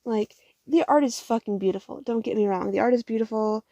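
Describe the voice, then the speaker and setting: A young woman rambles through her latest manga haul in a mellow, warm voice, cursing freely and talking herself into bursts of excitement. She sounds tired. The sound is close and dry, with no room echo. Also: fairly high pitch, fairly quick. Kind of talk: casual haul vlog.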